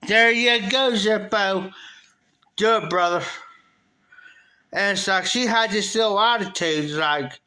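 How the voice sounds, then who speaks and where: Animated, bright-voiced middle-aged American man. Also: sits high, slow, pauses often. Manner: rambling, repeats phrases, animated when quoting himself. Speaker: live streamer. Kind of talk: casual storytelling to chat.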